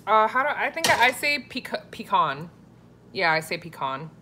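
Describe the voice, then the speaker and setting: A woman's voice: on the high side, very animated, brisk, sharp tone, a little hiss or hum. A young woman from South Florida with a South Florida accent, chatting casually and laughing easily as she talks to her viewers by name. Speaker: vlogger. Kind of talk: casual live chat reading comments.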